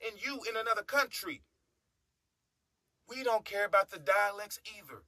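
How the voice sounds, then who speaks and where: A man's voice: high voice, animated, moderate pace, pushed and bright, no room sound. A man from the United States preaching a monologue, emphatic, repeating his phrases and humming between thoughts.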